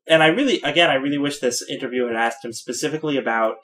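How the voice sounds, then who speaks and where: A man co-hosting a gaming podcast in casual chat, opinionated and quick to laugh. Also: mid-range voice, a bit bright. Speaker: podcast co-host.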